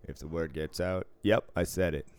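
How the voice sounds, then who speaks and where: A man's voice: low-pitched, fairly even intonation, moderate pace, clear, resonant tone, no echo. A man in his thirties co-hosting a podcast in casual chat, laid-back, swearing freely and laughing often. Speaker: podcast co-host.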